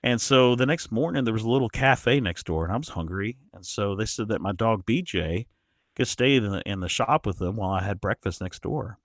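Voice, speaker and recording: A man guest on a podcast, telling a travel story in an animated way, often restarting his sentences. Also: lowish voice, a little fast, dry recording, clean studio sound. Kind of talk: casual storytelling.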